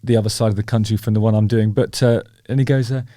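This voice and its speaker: A man's voice: on the low side, fairly even intonation, fast, warm tone, dry recording, clean studio sound. A man hosting his own show, chatty and wry, poking fun at himself as he rambles on. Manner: chatty, wry, self-deprecating, rambling with fillers. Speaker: host. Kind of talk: casual talking-head commentary.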